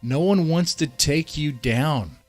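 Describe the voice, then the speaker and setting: A man's voice: on the high side, slow, faint music behind. A man streaming live, reacting to a video in a heated, profane rant and often repeating himself and restarting sentences.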